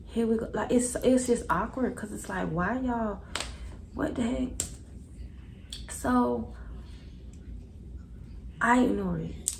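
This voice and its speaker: A young adult woman telling a casual storytime to her viewers, animated and slangy. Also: a little high, slow pace, vocal fry, long pauses, a little hiss or hum, rough recording. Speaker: vlogger.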